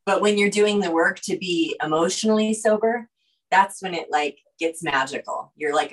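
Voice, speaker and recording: A woman's voice: on the low side, moderate pace, distant mic, low-quality recording. A woman co-hosting a podcast, speaking reflectively and encouragingly, a little away from the mic. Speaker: co-host.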